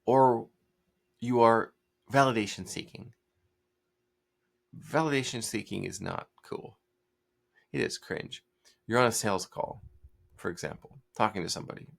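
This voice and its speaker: A low, gravelly male voice, delivering a commanding solo commentary. He talks bluntly and directively. His fry-laden tone gives his orders a rough edge. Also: measured pace, pauses often. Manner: blunt, commanding, mocks hesitant speech with put-on hedging. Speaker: host.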